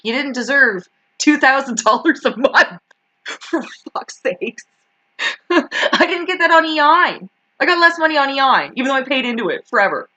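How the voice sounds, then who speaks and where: A woman's voice: a little high, sharp tone. A Canadian woman in her thirties hosting a ranting vlog, swearing freely, sarcastic and laughing as she talks. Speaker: channel host.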